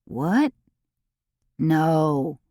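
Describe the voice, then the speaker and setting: A woman's voice: low voice, very animated, extremely slow, warm tone, no room sound, clean studio sound, exaggerated voice. Woman voicing a sleepy, befuddled man. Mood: bewildered. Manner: drowsy, befuddled. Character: sleepy, bewildered middle-aged man.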